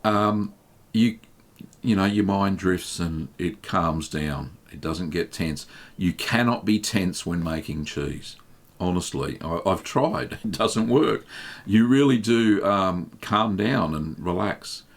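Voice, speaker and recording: A man hosting a live stream, reading viewers' questions aloud and answering them in a relaxed, chatty way with plenty of ums. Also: low voice, slow. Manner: relaxed and chatty, reads chat messages aloud, many um fillers. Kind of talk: casual live Q&A chat.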